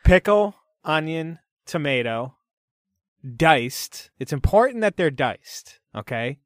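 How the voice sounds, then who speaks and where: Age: adult. Sex: man. Role: podcast co-host. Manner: chatty, laughing, filler-heavy. Pitch: a little high. Sound: dry, close studio mic. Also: animated, takes it slowly, no room sound. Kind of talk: casual chat.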